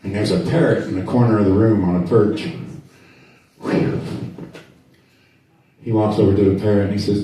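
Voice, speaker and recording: A man's voice: fairly low pitch, moderate pace, warm tone. Echoey man telling jokes on stage. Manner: drawling storyteller, acts out characters in dialogue. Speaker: stand-up comedian. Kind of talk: stand-up joke telling. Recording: echoey room, mic heard from a distance.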